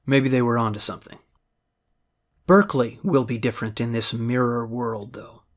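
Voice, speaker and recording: Sardonic Midwestern commentator, blunt. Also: male voice, mid-range voice. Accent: American Midwestern. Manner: sardonic, blunt, with jokey asides. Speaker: radio commentator. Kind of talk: opinion monologue.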